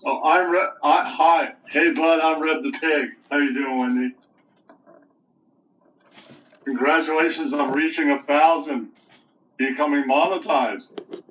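A man's voice: on the high side, steady tone, a little slow, a bit bright, recorded from a distance, poor audio. A man voicing a friendly male pig puppet who talks in a matey way and calls everyone bud. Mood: chummy.

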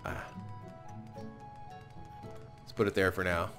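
A man's voice: deep voice, level tone, slow, fairly bright tone, soft background music. A man hosting a let's-play, chatty and self-mocking, often apologizing and laughing as he plays. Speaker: gaming channel host. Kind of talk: casual let's-play commentary.

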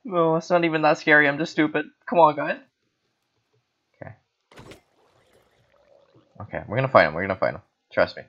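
A man's voice: on the high side, very animated, a little fast, long pauses, a bit bright. A man from the Philippines giving jokey, erratic gaming commentary while tipsy on wine, breaking into sudden screams. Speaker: gaming host. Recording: dull lo-fi recording.

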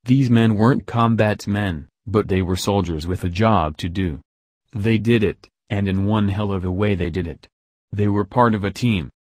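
A man reading out a blunt, profane army general's speech to his troops in a gruff, commanding manner. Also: on the low side, normal speed, darkish tone, no room sound, lightly acted. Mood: stern. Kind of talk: read-aloud speech.

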